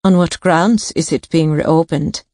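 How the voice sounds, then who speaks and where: Woman doing a low-voiced german barkeep lady, curt and needling, dry sound. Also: unhurried, darkish tone, no echo. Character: guarded female German barkeep.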